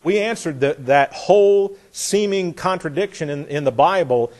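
A man's voice: fairly high pitch, normal speed, darkish tone. A man teaching a Bible lesson in a folksy, emphatic way, reading scripture and acting out the speakers. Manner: folksy, emphatic, acts out voices, chuckles.

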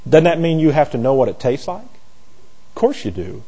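Male Bible study teacher, mellow and a bit high-pitched, folksy, repeats himself. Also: very animated, normal speed, slightly rough, rough recording. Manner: rhetorical questions, repeats and restarts phrases; chatty, folksy asides. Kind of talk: conversational class teaching.

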